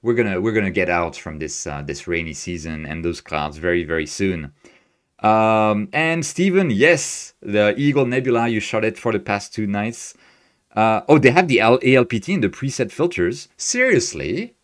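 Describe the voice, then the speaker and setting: A man's voice: lowish voice, animated, moderate pace. A man hosting a live astrophotography stream, thinking aloud as he works and cheerfully answering viewers' chat. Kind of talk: live-stream screen tutorial, reading chat. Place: home desk, Tokyo.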